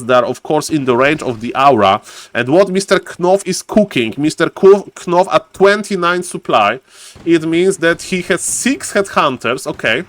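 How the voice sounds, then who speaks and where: A man's voice: mid-range voice, normal speed, fairly bright tone, no room sound. A man casting a live strategy game on stream, a showy announcer who keeps repeating his catchphrases and greets chat by name. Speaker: esports caster and streamer.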